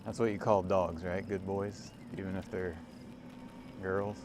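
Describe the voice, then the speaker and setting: Slow-talking man in his forties. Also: low-pitched, level tone. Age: 40s. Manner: rambling, self-amused, chatting with viewers. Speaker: livestreamer. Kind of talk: casual chat while riding. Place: outdoors on a cargo bike by a lake. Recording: outdoor ride with clear background noise.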